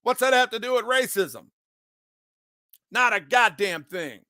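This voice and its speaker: A man's voice: very high-pitched, lively intonation, a little slow, pushed and bright, no echo, studio quality. A man ranting in an unscripted monologue, agitated and profane, often repeating himself. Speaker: online commentator.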